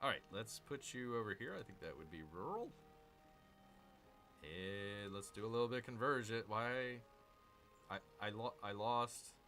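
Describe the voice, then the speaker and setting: Animated, bright-voiced man grumbling over a game. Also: fairly low pitch, normal speed, pauses often, faint music behind. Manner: exasperated, grumbling asides. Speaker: streamer playing a strategy game. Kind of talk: gameplay commentary with chat reading.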